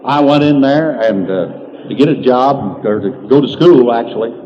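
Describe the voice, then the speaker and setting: Here an older man from Indiana, USA, a country humorist, drawls out comedic yarns at normal speed in a medium-pitched voice. He chuckles at his punchlines, and the recording is dull lo-fi 1990s tape with a faint hiss.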